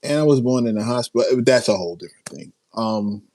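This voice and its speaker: A man from Queens hosting a casual livestream, reading out viewer chats, his voice strained after a long night of yelling. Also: mid-range voice, animated, fast, dry recording. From South Jamaica, Queens, New York. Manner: reading and answering viewer chat, with self-interrupting restarts. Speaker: livestream host.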